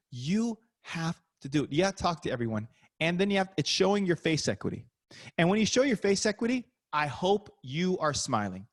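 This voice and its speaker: A middle-aged man, a basketball coach, giving an energetic, punchy motivational talk over a video call. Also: a little high, fast talker.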